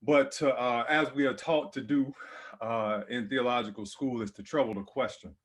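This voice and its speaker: A man who leads a seminary, answering on a panel in a measured, academic way with slow, emphatic phrasing. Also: mid-range voice, steady tone. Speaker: seminary president. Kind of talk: reflective panel response.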